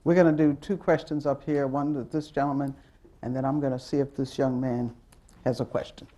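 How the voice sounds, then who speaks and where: A man moderating the question session, brisk and organizing. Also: mid-range voice, level tone, warm tone.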